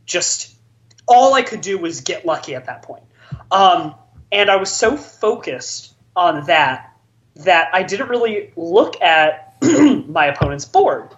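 Slow and expressive, this high-voiced podcast co-host spins a long, casual story for his friends, wandering off track and saying "like" constantly. His fairly bright tone comes through lo-fi sound.

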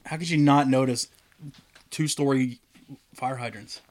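A man's voice: medium pitch, measured pace. A man co-hosting a podcast who jokes and laughs often in a casual chat. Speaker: podcast co-host.

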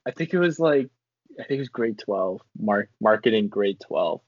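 A man's voice: lowish voice, animated, normal speed, no echo. Young man, podcast guest, eager laughing storyteller, dry dull sound. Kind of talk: casual storytelling chat.

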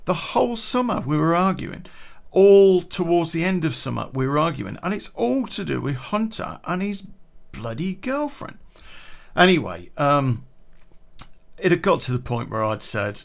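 A man's voice: fairly high pitch, big pitch swings, normal speed, vocal fry. A man telling a rambling, swear-heavy personal anecdote in a casual way, full of restarts. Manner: profane, rambling, frequent restarts. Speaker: storyteller.

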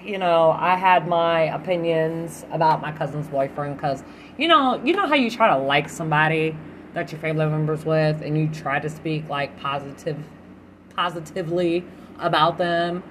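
A woman's voice: low-pitched, normal speed, a little hiss or hum. A young adult woman hosting her own podcast, chatting candidly and swearing freely. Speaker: podcast host. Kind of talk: casual solo podcast chat.

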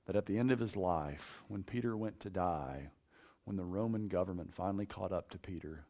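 A man preaches to students in a loose, conversational way. He is animated, then drops to a quiet, intense hush to drive a point home. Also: deep voice, husky. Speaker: campus preacher. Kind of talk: casual sermon.

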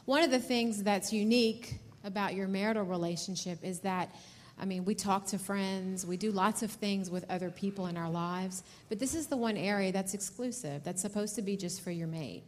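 A woman's voice: medium pitch, moderate pace. Direct woman teaching couples. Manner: direct, often checks in with "okay?". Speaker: marriage seminar speaker.

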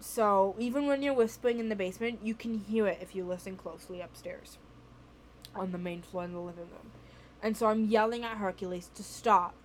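A young woman hosting a podcast, telling a story in casual chat, animated and swearing, laughing between lines, from her bedroom at home. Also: mid-range voice, a little hiss or hum. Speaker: podcast host.

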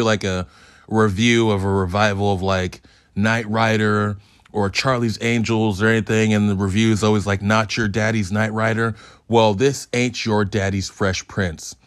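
A man's voice: fairly low pitch, flat delivery, normal speed, clear, resonant tone, no echo, clean studio sound. A man hosting a solo review podcast, talking in a hyped, profane, joking ramble. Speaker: podcast host.

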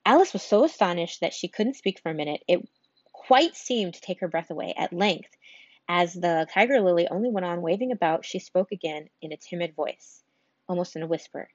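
A woman reading a children's storybook aloud, unhurried, now and then stumbling and restarting a word. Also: fairly low pitch, expressive, dry recording, dull audio. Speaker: reader.

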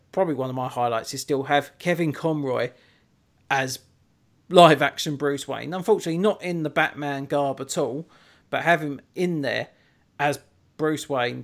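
A man's voice: on the high side, creaky, fairly bright tone. An English man hosting a podcast, chatting enthusiastically and swearing freely. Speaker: podcast host. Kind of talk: casual chat.

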